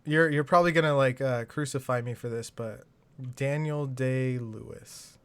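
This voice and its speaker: A man hosting a podcast, talking fast and casually and swearing freely. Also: mid-range voice, clean tone, dry recording. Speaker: podcast host. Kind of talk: casual chat.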